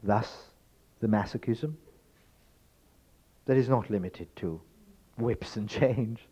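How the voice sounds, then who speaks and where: Guy giving a talk, rhetorical, goes loud then quiet, kinda muffled lo-fi audio. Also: on the low side, takes it slowly, breathy edge. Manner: emphatic, rhetorical, swings from loud to hushed. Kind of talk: spoken lecture to an audience. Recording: dull lo-fi recording.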